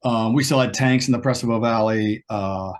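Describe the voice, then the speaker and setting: A man being interviewed over a video call, telling lively stories and acting out the quoted lines. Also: moderate pace. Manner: animated storyteller, acts out quoted lines with a higher pitch. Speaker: guest guitarist. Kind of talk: storytelling in an interview.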